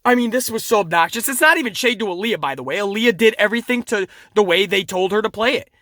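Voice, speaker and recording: A man reviewing a wrestling show in casual, profane commentary, animated and laughing at his own jokes. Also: high voice, fast talker, dry recording, clean studio sound.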